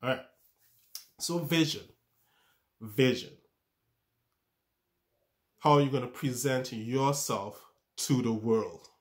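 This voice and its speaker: A man's voice: mid-range voice, takes it slowly, long pauses. A man giving a self-improvement talk, coaching with rhetorical questions and often stumbling and restarting his words. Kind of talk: motivational talk to camera.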